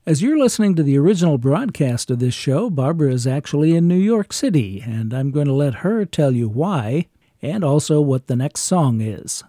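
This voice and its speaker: A man hosting a radio show, introducing a guest and the next record in a smooth announcer delivery. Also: fairly high pitch, big pitch swings, normal speed, dark tone, no echo, studio quality. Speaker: radio host.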